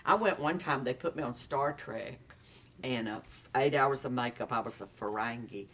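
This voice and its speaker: A man in his sixties with a Southern accent, an actor telling stories in a casual interview, animated and quick to laugh. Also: mid-range voice, recorded from a distance. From Tennessee. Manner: animated storyteller, acts out quotes, laughs often. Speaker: actor guest.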